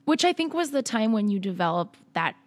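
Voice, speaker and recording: A woman's voice: medium pitch, big pitch swings, brisk. A woman from Massachusetts, a musician guest, talking casually and telling her story in a podcast interview. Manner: chatty, laughs often, storytelling.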